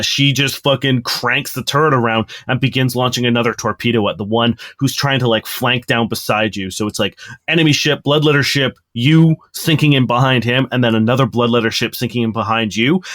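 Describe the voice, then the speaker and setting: A man's voice: medium pitch, brisk, few pauses, fairly bright tone, no echo. A man narrating a tabletop game as game master, loose and profane, often laughing.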